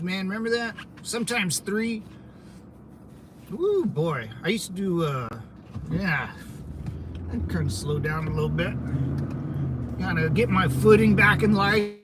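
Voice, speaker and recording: A man's voice: high-pitched, noisy background. A man livestreaming casually from his car, rambling loosely and greeting viewers by name. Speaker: vlogger streaming while driving.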